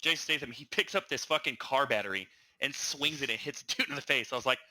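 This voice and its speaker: On a casual podcast, a young male co-host rambles through stories, stammering and restarting often in an animated retelling. His mid-range voice moves fast, and the audio is poor.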